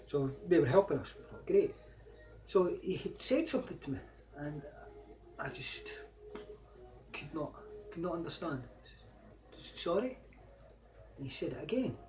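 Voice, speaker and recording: A man's voice: fairly high pitch, expressive, moderate pace, a little mellow, soft background music. A middle-aged Scottish man telling personal anecdotes in a casual, rambling way, growing emphatic when he replays old arguments. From Scotland. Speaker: vlogger.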